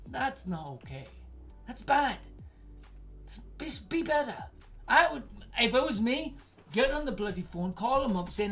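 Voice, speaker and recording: A woman in her forties hosting an advice stream, blunt and swearing freely as she rants at a listener. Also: fairly high pitch. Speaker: advice show host.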